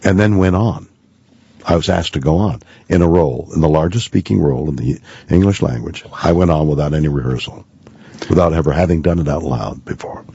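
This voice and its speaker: A man with a very low, slightly husky voice recounts a story as a guest on talk radio. He takes his time, pausing and filling gaps as he goes. The audio is dry and a little dull. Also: mellow, no echo. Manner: deliberate storyteller with many pauses and fillers. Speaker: guest actor. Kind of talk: radio talk-show anecdote.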